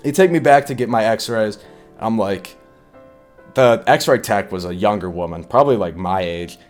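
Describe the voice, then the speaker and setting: A man's voice: lowish voice, normal speed, soft background music. A young man telling a personal story in a casual vlog, swearing often and filling it with likes. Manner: casual, profane, full of likes.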